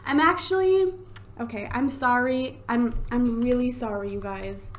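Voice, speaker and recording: Young woman, let's play commentary, chatty, excitable, swears casually, slightly high voice, home desktop mic. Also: measured pace. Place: home room. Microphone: desktop USB microphone.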